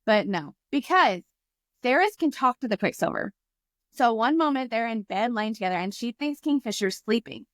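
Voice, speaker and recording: A woman co-host in a casual book podcast speaks in a fairly high voice. She retells scenes with animation and slips into quoting the characters. The sound is dry and close. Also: lively intonation, normal speed, no room sound.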